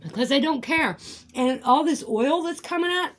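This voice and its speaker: A woman's voice: sits high, expressive, normal speed, slight background noise. A woman rambling through a casual vlog monologue, swearing and breaking into indignant outbursts. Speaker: vlogger.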